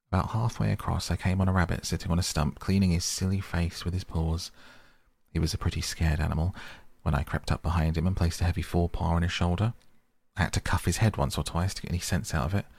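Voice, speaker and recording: A man voicing a cheerful, bold male otter who tells a lively story. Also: low-pitched, vocal fry, no echo.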